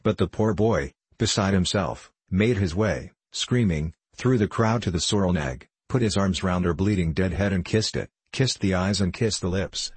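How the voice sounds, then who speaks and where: A man narrating a classic novel in a measured, steady storytelling voice. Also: low-pitched, slightly rough, dry recording. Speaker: audiobook narrator.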